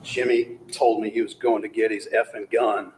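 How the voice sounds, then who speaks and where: Forceful man arguing in an echoey courtroom. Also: lowish voice, little pitch movement, moderate pace, slight background noise. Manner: forceful, rhetorical, mocking quotes of the defendant. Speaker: prosecutor. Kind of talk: courtroom closing argument.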